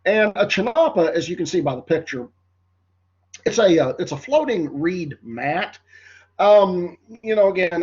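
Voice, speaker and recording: Male teacher, nasal and congested, husky voice, rambling lecture, dull lo-fi sound. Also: a little high, a little mellow. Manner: rambling, filler-heavy, addresses class as folks. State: congested, voice cracking. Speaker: history teacher. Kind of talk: classroom lecture.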